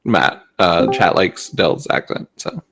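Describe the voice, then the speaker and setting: A man's voice: low voice, lively intonation, takes it slowly, fairly bright tone, soft background music. A man chatting casually with friends during a break in a streamed tabletop game, easygoing and agreeable in his banter.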